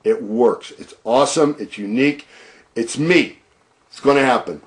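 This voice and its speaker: A man's voice: medium pitch, normal speed. A man addressing viewers in a rambling, boastful video blog, recorded on his own camera. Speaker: video blogger. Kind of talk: casual video blog monologue. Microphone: own camera at home.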